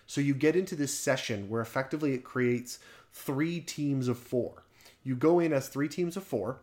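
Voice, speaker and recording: Guy cohosting a podcast, chatty and animated, laughs a lot, swears casually. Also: medium pitch, moderate pace. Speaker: podcast co-host. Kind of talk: casual chat.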